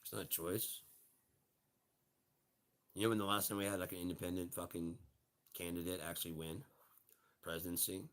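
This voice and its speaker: A man's voice: low voice, level tone, normal speed, long pauses, a bit bright. A man in his late forties rambling through a profane, laughing solo rant. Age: 40s. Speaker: vlogger.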